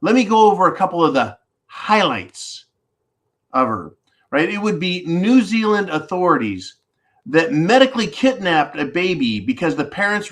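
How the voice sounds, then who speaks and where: A man hosting a preparedness channel's live stream, giving animated, ranting, profane commentary. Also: fairly high pitch.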